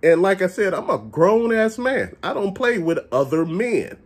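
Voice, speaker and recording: A man with a slightly husky voice rants straight to camera. His pitch swings up and down as he talks, and he is blunt and plain-spoken, cursing freely. His delivery is casual and unpolished. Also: a little slow. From Chicago area. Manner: animated, blunt, curses often. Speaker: vlogger ranting about stores. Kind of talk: casual profane rant.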